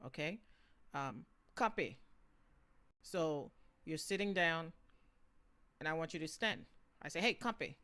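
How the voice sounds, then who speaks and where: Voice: mid-range voice, slow, long pauses, bright, forceful tone, clear, resonant tone. A language teacher giving a casual spoken lesson, switching between languages and checking in often with "okay?" and "right?".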